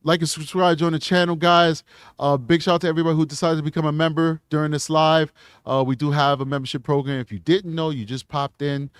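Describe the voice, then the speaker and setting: A man's voice: a little high, steady tone, fast, smooth, no room sound, clean studio sound. A male host of a live true crime show, earnest and emotional, repeating himself and restarting phrases as he signs off. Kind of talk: live stream sign-off and channel pitch.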